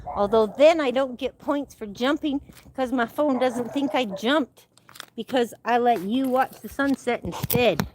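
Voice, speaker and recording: An older woman out on an evening walk at sunset carries on a rambling live-stream chat, her phone in hand. Her fairly high voice is a little slow and slightly mellow, with slight background noise.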